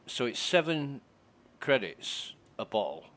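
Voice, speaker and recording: A man's voice: medium pitch, sing-song, takes it slowly, a bit bright. A man commentating casually on his gameplay, thinking aloud, muttering and swearing. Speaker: game streamer.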